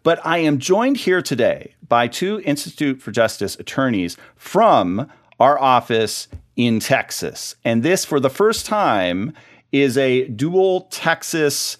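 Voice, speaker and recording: Male podcast host, chatty and relaxed, with a lively, varied pitch. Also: slow pace. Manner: chatty, with fillers and restarts. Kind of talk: casual podcast chat.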